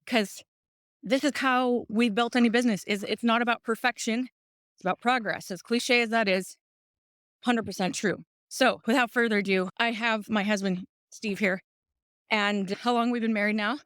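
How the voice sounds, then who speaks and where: A podcast host walks up a hill outdoors, out of breath and recording on a phone, chatting casually in an upbeat, encouraging, stream-of-consciousness way. Her voice sits on the high side, steady and a bit bright, at normal speed, with studio quality and no echo.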